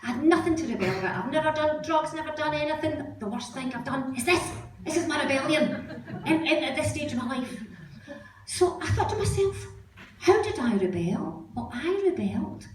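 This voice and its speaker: A woman's voice: high voice, animated, normal speed. A middle-aged Scottish woman doing stand-up comedy, a chatty, self-mocking storyteller. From Scotland. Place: comedy club stage. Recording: roomy stage sound, distant mic, audience laughter. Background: audience laughing.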